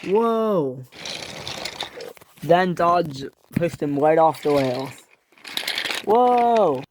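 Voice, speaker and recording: Telling a toy train story full of restarts and self-corrections, the narrator gives each character a higher, louder voice. Delivery is slow with fairly even intonation, and background noise is present.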